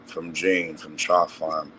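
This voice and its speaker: A man's voice: a bass voice, level tone, takes it slowly, sharp tone, a little hiss or hum, low-quality recording. A man telling stories in a casual group voice chat.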